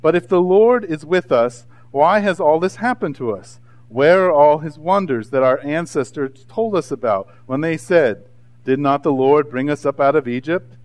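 Male pastor, 30s, lively conversational sermon delivery, slightly higher voice. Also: normal speed. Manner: animated, conversational preaching with voiced asides.

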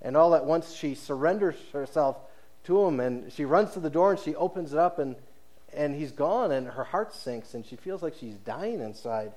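A man preaching an expository sermon with a fairly high, lively voice. He sinks to hushed, low phrases and then lifts into emphatic lines, acting out quoted speakers as he explains the text. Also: normal speed. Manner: expository preaching, paraphrasing scripture with dramatized quotes; animated, swings between soft low phrases and raised emphatic ones. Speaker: pastor.

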